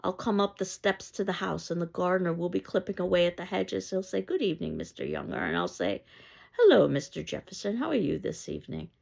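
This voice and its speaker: A woman's voice: lowish voice, big pitch swings, fairly quick, gravelly, darkish tone, heavily acted. A woman reading as a father dreaming aloud. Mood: wistful. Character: dreaming father speaking softly to his son.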